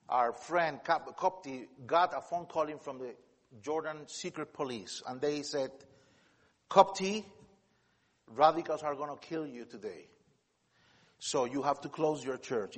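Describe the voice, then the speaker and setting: A man from America, a missionary speaker giving a slide presentation. He talks haltingly and often repeats words as he tells stories. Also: mid-range voice, slightly rough. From Latin America. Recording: long reverb of a large hall.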